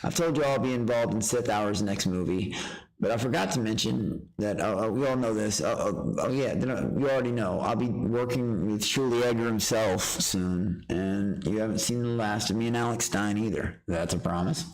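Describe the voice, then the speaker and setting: A man's voice: lowish voice, normal speed, rough recording. A man streaming live, ranting in a rambling, boastful way and trash-talking profanely. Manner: rambling with restarts. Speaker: livestreamer. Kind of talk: rambling livestream rant.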